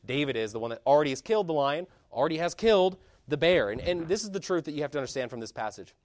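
A man preaching a sermon with passion, building to loud emphatic peaks and dropping into low, quiet asides. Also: lively intonation, rapid-fire, dry recording.

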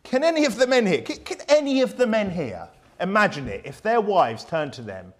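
A man's voice: high-pitched, very animated, fairly quick, soft background music. A man preaching a sermon in a church, emphatic and fiery, firing off rhetorical questions.

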